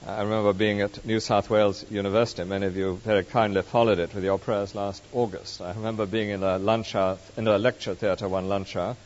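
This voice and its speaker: A man preaching a sermon, telling stories in a measured, expressive way. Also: lowish voice. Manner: measured, expressive storytelling delivery. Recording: muffled recording with long hall reverb.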